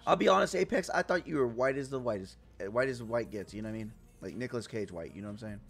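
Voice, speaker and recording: A man live-streaming a game, talking casually with his chat in a loud, profane, playful way. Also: mid-range voice, lively intonation, quick pace, vocal fry, soft background music. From Puerto Rico.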